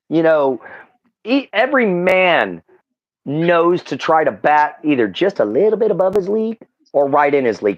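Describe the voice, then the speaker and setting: A man's voice: a little high, sing-song, normal speed. A man with a Southern Texan drawl chats on a livestream, earnest and meandering, leaning on fillers and restarting his sentences. His voice comes through slightly muffled, a little dull at the top end. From Southeast Texas. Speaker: livestream guest. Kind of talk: casual chat.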